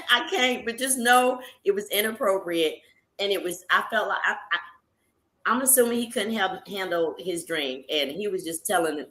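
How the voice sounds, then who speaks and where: A woman hosting a live stream, telling her viewers a story in a casual, animated way, laughing often and calling them y'all. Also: fairly low pitch, reverberant.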